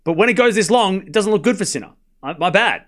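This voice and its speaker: A man with a high voice calls a tennis match live for his stream. He is up late at night, trades quick banter with his viewers and rattles off each score as it comes. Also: lively intonation, fairly bright tone. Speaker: livestream tennis commentator. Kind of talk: casual play-by-play commentary and chat replies.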